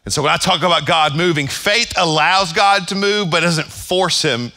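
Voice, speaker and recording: Male pastor, sermon delivery: bright, forceful tone, slightly high pitch, emphatic repetition. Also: moderate pace. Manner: emphatic preaching with repeated phrases. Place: church service.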